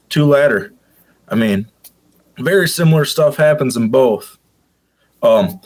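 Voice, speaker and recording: A man's voice: on the high side, darkish tone. A man from Michigan, a podcast guest, explaining local legends in a casual, enthusiastic way.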